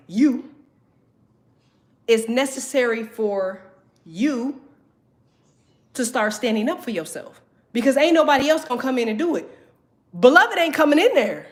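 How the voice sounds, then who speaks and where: A young woman, teaching a tarot class and talking bluntly with constant cursing. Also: on the high side. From Southern United States. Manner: blunt, heavy cursing, emphatic. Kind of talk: profane motivational talk to viewers.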